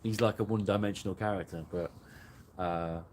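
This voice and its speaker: Low-voiced man, chatting and laughing. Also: steady tone, fairly quick, darkish tone, slight background noise. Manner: rambling, self-mocking, laughs often. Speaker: host. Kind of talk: casual live chat. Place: garden at night, outdoors.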